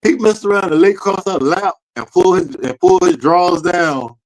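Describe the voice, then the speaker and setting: Animated man telling a family story. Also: high voice, normal speed, poor audio. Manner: animated storyteller with slang and profanity. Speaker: podcast co-host. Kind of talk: casual storytelling chat.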